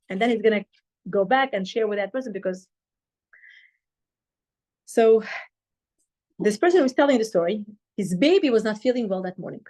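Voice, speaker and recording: High-voiced woman telling a story. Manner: animated retelling, acting out quoted dialogue. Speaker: Torah class teacher. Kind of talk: storytelling Torah talk.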